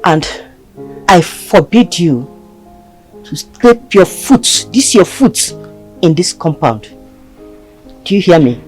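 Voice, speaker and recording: A woman's voice: lowish voice, big pitch swings, slow pace, pauses often, a little mellow, faint music behind. A woman playing a harsh, scheming mother of grown daughters who scolds and gives orders. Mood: cold, forbidding. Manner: scolding, commanding. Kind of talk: Nollywood film acting.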